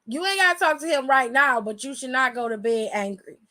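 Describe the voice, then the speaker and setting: A woman co-hosting a show aftershow in casual chat, animated and profane, often laughing as she talks. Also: high voice, brisk. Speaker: aftershow co-host.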